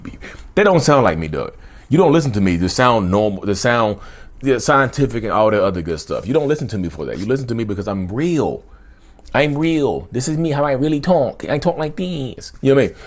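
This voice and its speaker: A man talks casually to his viewers in an emphatic, chatty way. He repeats key words for stress and keeps saying "y'all". His voice sits at an ordinary middle pitch. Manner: chatty, repetitive, says "y'all" often, emphatic. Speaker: YouTube host. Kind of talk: casual direct-to-camera talk.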